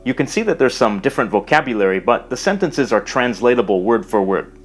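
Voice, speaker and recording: A man narrating a scripted language lesson, explaining carefully and slowing down to pronounce example words. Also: medium pitch, lively intonation, soft background music. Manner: measured, explanatory, slows to pronounce foreign words. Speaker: language teacher.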